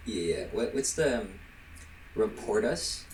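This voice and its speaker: A man's voice: mid-range voice, animated, measured pace, a little hiss or hum. A man hosting a casual podcast, rambling and self-deprecating and often laughing, recorded on a laptop microphone. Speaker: podcast host. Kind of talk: casual chat. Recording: roomy laptop mic from a distance.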